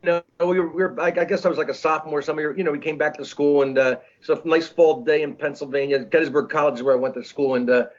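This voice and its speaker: A man in his sixties telling stories as an interview guest, rambling and halting with many restarts. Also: fairly high pitch, steady tone. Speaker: comedian guest. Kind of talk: casual storytelling interview. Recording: dull lo-fi audio.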